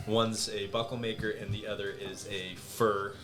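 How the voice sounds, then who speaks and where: A man narrating a tabletop game as dungeon master, talking in halting bursts full of restarts. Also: on the low side, flat delivery.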